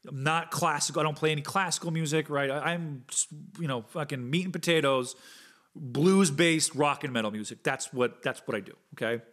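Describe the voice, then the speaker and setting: A man's voice: fairly high pitch, fairly quick, fairly bright tone. A man in his thirties hosting his own podcast, talking in an earnest, rambling way with lots of fillers and casual swearing. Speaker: podcast host and guitar teacher. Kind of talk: casual solo podcast monologue.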